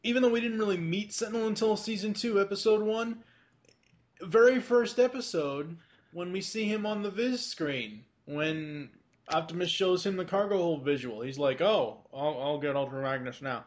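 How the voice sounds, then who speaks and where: A man's voice: sits high, normal speed. A man co-hosting a podcast, chatting casually about a cartoon, rambling with lots of fillers, restarts and the odd swear. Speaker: podcast co-host. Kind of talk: casual chat.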